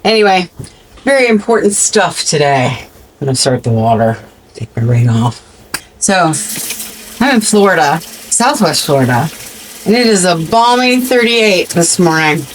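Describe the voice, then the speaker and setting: A woman's voice: lowish voice, big pitch swings, unhurried, slight background noise, rough recording. A woman in her fifties from the American Midwest, chatting casually and sarcastically while doing chores in her kitchen. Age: 50s. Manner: sarcastic, chatty storyteller with frequent restarts. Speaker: vlogger. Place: home kitchen.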